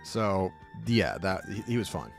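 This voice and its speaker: A man's voice: low-pitched, big pitch swings, unhurried, vocal fry, faint music behind. Profane, rambling streamer man. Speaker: live streamer. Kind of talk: casual storytelling chat.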